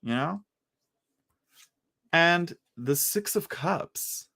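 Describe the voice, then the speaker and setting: A man's voice: medium pitch, lively intonation, a bit bright. Chatty man giving a live tarot reading. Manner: casual, chatty, halting with many restarts. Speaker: tarot reader.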